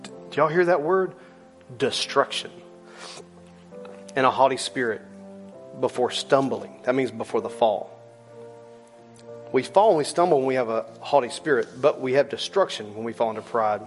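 A middle-aged male pastor preaching a sermon in a church, emphatic and conversational, repeating lines and slowing down low on key words. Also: lively intonation, faint music behind. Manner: rises loud for emphasis, drops low and slow on key words.

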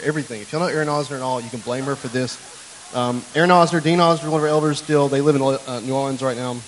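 A male pastor delivers a relaxed sermon in a church, chatting with the congregation as if among friends. He jokes and drifts into family anecdotes. His voice sits at an ordinary middle pitch, with a faint hiss in the background. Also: rough recording. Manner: chatty, joking storyteller who talks to the congregation. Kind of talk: conversational sermon.

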